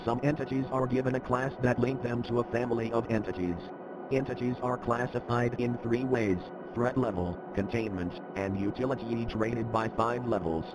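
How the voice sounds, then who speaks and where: A man's voice: medium pitch, fairly even intonation, moderate pace, noisy background, natural voice. A man narrating a formal training briefing in scripted narration.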